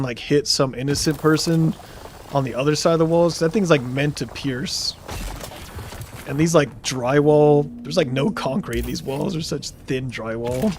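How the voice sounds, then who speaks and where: A man's voice: a little high, a little hiss or hum. A young man streaming, telling a story casually and reading chat comments aloud, laughing now and then.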